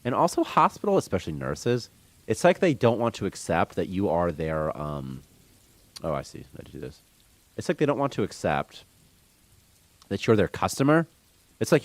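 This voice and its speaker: Man, low voice, rambling opinionated stream chat, dry close sound. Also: big pitch swings, moderate pace, long pauses, no room sound. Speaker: game developer streamer. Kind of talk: casual rant on a live stream.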